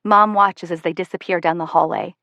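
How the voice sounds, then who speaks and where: A woman narrating a first-person audiobook in a steady, measured way. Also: fairly low pitch, creaky, dry recording.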